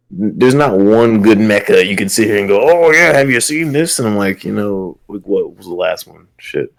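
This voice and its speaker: A man's voice: lowish voice, a little mellow. A young man co-hosting a casual anime podcast, talking in a loose, rambling, slangy way. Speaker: podcast co-host.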